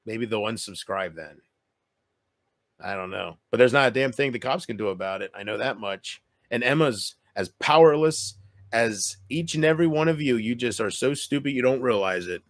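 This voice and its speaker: A man vlogging a bitter, taunting rant straight to camera, swinging from loud outbursts to low mutters. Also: expressive, moderate pace, no echo. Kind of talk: ranting monologue to camera.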